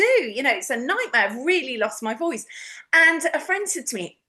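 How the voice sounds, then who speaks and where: A British woman with a bright, high-pitched, animated voice talks a little fast. She's a guest, a past life regression therapist, telling stories in a casual chat as a jolly storyteller who laughs often.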